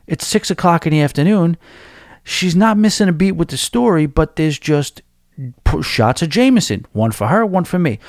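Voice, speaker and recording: A man's voice: a little high, lively intonation, a little fast, no echo, studio quality. A man in his forties with a New York accent, hosting a podcast and rambling through a casual story with many restarts. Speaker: podcast host.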